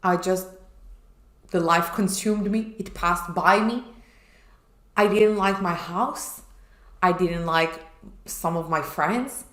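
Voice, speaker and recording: A woman's voice: on the low side, fairly even intonation, slow, long pauses, a bit bright. A woman co-hosting a chat show, telling a personal story candidly and acting out her past self. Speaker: podcast co-host. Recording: echoey room.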